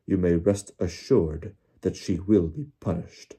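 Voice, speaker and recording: A man's voice: deep voice, unhurried, warm tone, husky, exaggerated voice. A man voicing a cold, stern senior ministry official with clipped, icy anger. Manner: clipped, icily angry.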